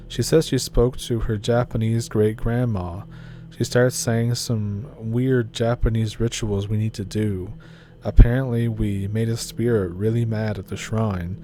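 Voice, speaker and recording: A man narrates a first-person story in a steady, low-key reading voice. His tone sits low and mellow. A faint hiss runs under the recording.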